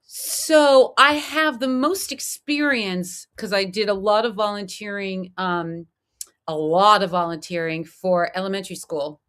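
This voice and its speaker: A woman's voice: medium pitch, a little slow, a bit bright, smooth. A woman guest in a casual interview chat, chatty and laughing often.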